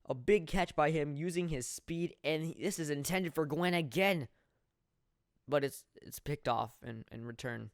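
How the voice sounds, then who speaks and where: A young man commentating his own football video game in a mock sports play-by-play style, jokey and laughing at his plays, swelling with excitement on big moments. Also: a little high, moderate pace, dry recording, clean studio sound. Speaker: gameplay commentator.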